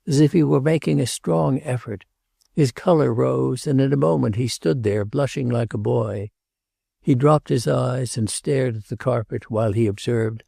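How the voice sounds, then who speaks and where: A man narrating a classic novel in a measured, literary audiobook style. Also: medium pitch, creaky, dark tone, dry recording, studio quality.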